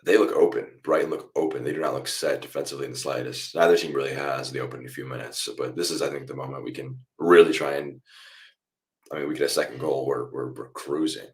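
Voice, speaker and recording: Very deep-voiced man. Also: quick pace. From United States. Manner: chatty, reacts loudly to goals then explains calmly. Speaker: watchalong host. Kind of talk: live football watchalong commentary.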